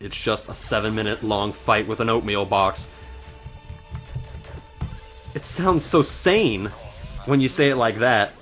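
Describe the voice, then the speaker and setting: A man giving let's play commentary in frantic self-talk, swinging between panic and calming himself down. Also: fairly low pitch, measured pace, long pauses. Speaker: let's player. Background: faint game music.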